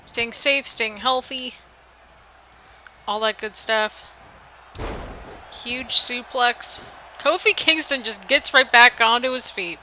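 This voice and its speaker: A woman's voice: fairly high pitch, slow pace, pauses often, bright, forceful tone, a little hiss or hum, poor audio. An American woman with a mixed northern, midwestern and southern accent, giving chatty, rambling play-by-play commentary over a video game. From United States. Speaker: gaming channel host.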